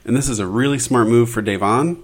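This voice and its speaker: A man's voice: mid-range voice, brisk, husky. A married man co-hosting a podcast, joking and sarcastic in casual chat, swearing now and then. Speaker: podcast co-host.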